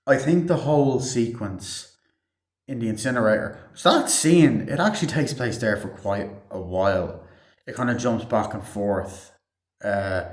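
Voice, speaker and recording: Low-voiced man rambling through a movie review. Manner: rambling, heavy swearing, many fillers. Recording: roomy echo.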